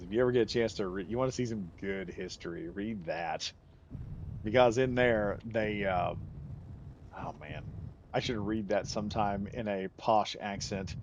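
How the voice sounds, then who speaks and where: Gravelly low-voiced man streaming a game. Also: normal speed, muffled recording, background noise. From United States. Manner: rambling, chatty, laughs easily. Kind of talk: casual gameplay commentary.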